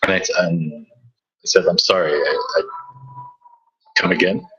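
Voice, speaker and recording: A man's voice: low voice, steady tone, a little slow, a bit bright, highs cut off, a little hiss or hum. A man, a DJ, telling a story in casual chat, rambling and restarting his sentences often. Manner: rambling with many restarts and stammers. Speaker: DJ and podcast host.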